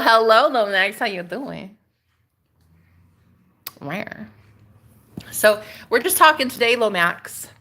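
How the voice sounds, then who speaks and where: A woman's voice: medium pitch, fairly bright tone. A woman chatting casually on a live stream, sassy and laughing often as she talks back to her viewers. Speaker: spiritual streamer.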